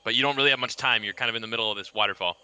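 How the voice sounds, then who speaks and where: Man game master, very bright voice, smooth and clear, relaxed, fillers. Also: lowish voice, very fast. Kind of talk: narrating a tabletop game.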